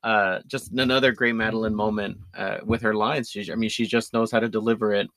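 A man's voice: lowish voice, little pitch movement, fairly quick, a bit bright, dry recording. A man in casual conversation, recapping a film with enthusiasm, often laughing and restarting his sentences. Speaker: podcast co-host.

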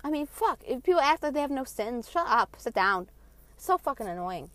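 A woman delivering a heated, profane vlog rant, blunt and passionate, swinging between loud outbursts and quieter asides. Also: high voice, sing-song, normal speed, no echo. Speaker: vlogger. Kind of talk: ranting monologue.

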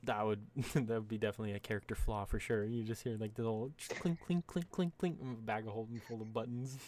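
Animated, foul-mouthed storytelling man. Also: on the low side, quick pace, a little hiss or hum. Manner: animated storyteller, swears freely, acts out quoted characters. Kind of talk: casual chat.

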